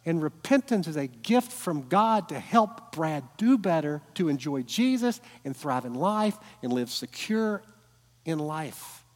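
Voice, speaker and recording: Middle-aged male preacher, higher-pitched, earnest and emphatic, long sanctuary reverb. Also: expressive, a little slow. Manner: earnest storytelling, rising to emphatic peaks. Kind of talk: sermon.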